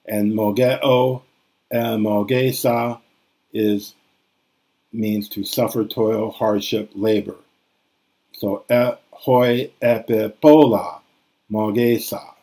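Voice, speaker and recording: A man giving a recorded grammar lecture, thinking aloud with hesitations and restarts, and reading passages slowly and carefully. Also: lowish voice, fairly even intonation, warm tone, poor audio. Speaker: classics lecturer.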